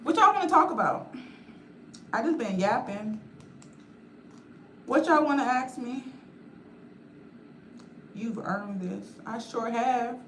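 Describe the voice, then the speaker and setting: A woman's voice: a little high, expressive, slow, long pauses, a bit bright, a little hiss or hum. A woman chatting casually on a livestream, rambling and talking straight to her viewers in a blunt, outspoken way.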